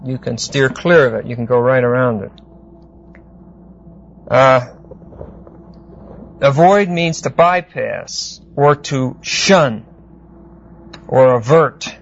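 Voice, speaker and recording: A man teaching a Bible exegesis class, unhurried and explanatory, often pausing to check that listeners follow. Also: medium pitch, creaky. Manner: unhurried, explanatory, with frequent fillers and check-ins. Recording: dull lo-fi lecture recording.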